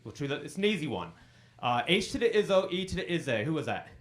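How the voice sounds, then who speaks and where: A man in his forties performs stand-up at a comedy club into a handheld mic. His pitch swings widely as he tells stories, jumping up loud whenever he acts out a line. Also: fast talker. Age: 40s. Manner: animated storytelling, acts out quotes in bursts.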